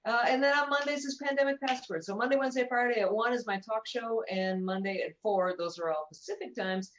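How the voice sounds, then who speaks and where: A woman's voice: fairly high pitch, a little fast. Bubbly woman on muffled lo-fi audio. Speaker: talk show host. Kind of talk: casual group chat. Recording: dull lo-fi call audio with faint noise.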